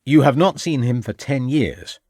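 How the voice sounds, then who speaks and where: A man's voice: medium pitch, unhurried, darkish tone, no echo, clean studio sound, pitched above the performer's own voice, lightly acted. A man playing a formal, probing inspector. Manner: formal, precise, insistent questioning. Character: sharp, probing male police inspector.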